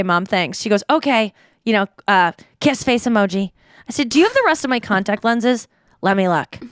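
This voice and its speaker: A woman's voice: medium pitch, smooth, no echo, studio quality. A woman in her thirties hosting a podcast in casual chat, telling stories and reading texts aloud with frequent giggles. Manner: giggly, animated storytelling, reads texts aloud. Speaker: podcast host.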